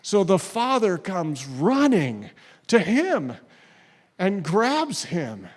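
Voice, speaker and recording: A man preaching in an unhurried, drawn-out way with a fairly high voice. He tells the story with acted-out quotes and lets his voice fall almost to a whisper on key lines. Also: wildly swooping pitch. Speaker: pastor. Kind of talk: sermon.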